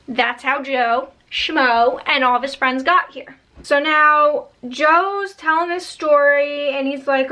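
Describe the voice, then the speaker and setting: Chatty high-voiced woman telling a scary story. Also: takes it slowly. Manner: chatty, animated, slangy asides. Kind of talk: casual storytime narration.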